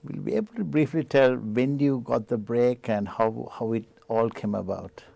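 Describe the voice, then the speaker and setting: A man with a Sri Lankan English accent hosting a television interview, asking gentle questions and often murmuring agreement. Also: medium pitch, normal speed, vocal fry, no room sound. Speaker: TV show host. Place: television studio.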